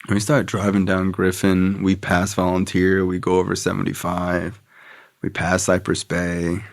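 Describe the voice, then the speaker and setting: A man's voice: low voice, monotone, normal speed, gravelly. A young man from Florida, a podcast guest, telling a story in a casual, profane way and acting out what others said.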